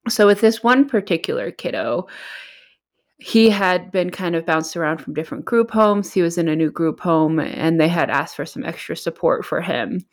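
A woman's voice: on the low side, animated, normal speed. A woman guest who works supporting at-risk youth, telling a moving story in a heartfelt way with many fillers. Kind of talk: emotional storytelling.

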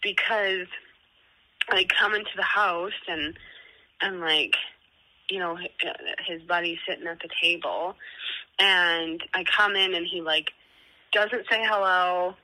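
Woman, casual chat, low-ish pitch, very bright tone, laughs often, lots of "like". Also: fairly even intonation, slow pace, long pauses, poor audio. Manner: chatty storytelling, frequent "like" and laughter. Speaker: podcast co-host. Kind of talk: casual chat between best friends.

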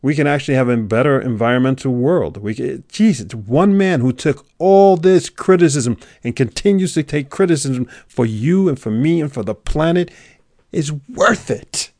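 A man's voice: medium pitch, expressive, moderate pace, hardly any pauses, no echo. Intense motivational man, dry close sound. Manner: preachy, swings from loud urging to hushed near-whisper. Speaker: motivational speaker. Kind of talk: motivational monologue.

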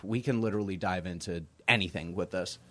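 A man's voice: deep voice, a little fast, fairly bright tone. Laid-back young man chatting about horror movies. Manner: laid-back, swears freely, acts out movie lines. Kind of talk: casual chat.

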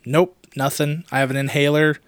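A man's voice: fairly high pitch, steady tone, moderate pace, no room sound, studio quality. A man co-hosting a podcast in casual chat, joking and self-deprecating, still recovering from bronchitis. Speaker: podcast co-host.

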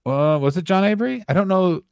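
A man's voice: high-pitched, lively intonation, quick pace, gravelly, a little mellow, clear, resonant tone, dry recording, clean studio sound. A man, a comedian from Canada, co-hosting a casual podcast with crude jokes and lots of ums. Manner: crude, joking, trailing off with fillers.

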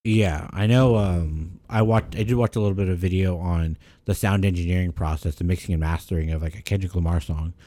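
A man's voice: low voice, brisk, few pauses. A man co-hosting a podcast in casual chat, rambling and swearing freely, getting heated when he rants. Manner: rambling, profane, animated when ranting. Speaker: podcast co-host.

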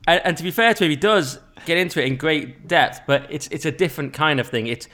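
Fast-talking male podcast host. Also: a little high, expressive, pushed and bright. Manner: explains at length and sets out the structure. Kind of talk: casual podcast conversation.

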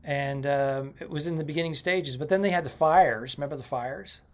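A man chatting casually as a comedian and podcast co-host, halting, with many fillers and restarts. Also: on the high side. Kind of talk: casual chat.

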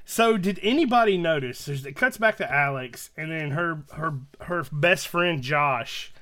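Bright-voiced man steering the chat. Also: a little high, unhurried. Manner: relaxed, points out details, steers the talk. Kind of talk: casual movie recap chat.

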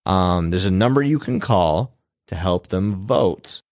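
Low-voiced guy hosting a podcast, swears a lot, lots of ums, bouncy delivery. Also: lively intonation, unhurried, darkish tone, no echo, studio quality. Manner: loose and profane, with many filler words. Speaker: podcast host. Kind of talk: casual podcast chat.

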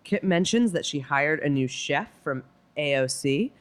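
A woman co-hosting a casual podcast, playful and swearing freely, often dropping into deadpan asides. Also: sits low, a little slow, clean tone. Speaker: podcast co-host. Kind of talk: casual chat recapping a TV show.

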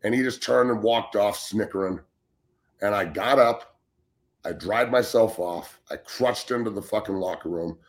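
Ex-football guy in his 40s ranting on a sports talk show, low voice, super blunt and cursing a ton. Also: normal speed. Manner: blunt, heated and heavily profane; repeats words when starting sentences. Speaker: guest, former football player.

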